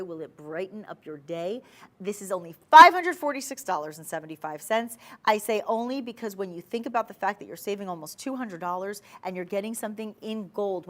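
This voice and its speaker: A woman's voice: medium pitch, fairly bright tone. A woman hosting a live TV shopping show, selling jewelry in a chatty, persuasive way and talking straight to viewers. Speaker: shopping channel host. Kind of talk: live TV jewelry sales pitch. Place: TV studio.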